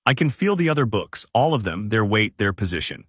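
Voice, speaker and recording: Earnest young wizard boy, soft and sincere read by a male narrator, dry close sound. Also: on the low side, big pitch swings, fairly quick, husky, dry recording, exaggerated voice.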